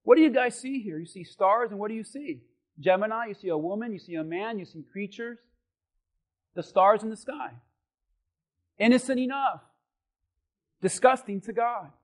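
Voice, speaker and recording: High-pitched male pastor preaching with shouted punches. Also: animated, moderate pace, long pauses. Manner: preachy, rising to shouted emphasis. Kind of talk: sermon.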